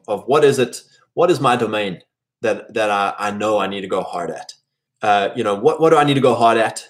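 A man's voice: on the low side, fairly bright tone. A man hosting a podcast, giving a conversational motivational faith talk to other men, emphatic and full of fillers. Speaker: host of a men's faith podcast.

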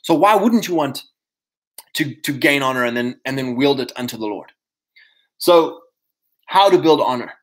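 A man hosting a casual livestream, talking to his viewers in an energetic, preachy way. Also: medium pitch, normal speed, pauses often, poor audio. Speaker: host.

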